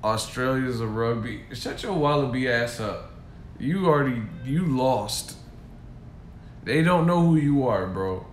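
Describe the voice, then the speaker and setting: A man's voice: mid-range voice, expressive, a little slow, a little hiss or hum. A man ranting on a stream in a profane, mocking way from a hotel room. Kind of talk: casual rant. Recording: echoey room.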